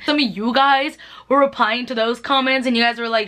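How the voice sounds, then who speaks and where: Young woman, vlogger, quick chatty storytelling, higher voice, giggly. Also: steady tone, bright, forceful tone. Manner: chatty, laughs often, heavy filler "like". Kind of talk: casual storytime vlog.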